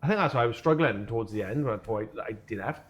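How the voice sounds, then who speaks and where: A man's voice: medium pitch, lively intonation, very fast. A man with a Welsh accent, co-hosting a podcast, telling a running story with lots of swearing and laughter. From Wales. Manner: swears a lot, laughs while telling stories. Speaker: podcast co-host. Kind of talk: casual chat.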